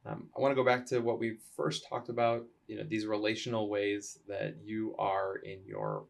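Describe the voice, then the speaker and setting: Man, podcast host, soft-spoken, thoughtful, low voice, gravelly. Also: lively intonation, normal speed. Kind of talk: podcast conversation.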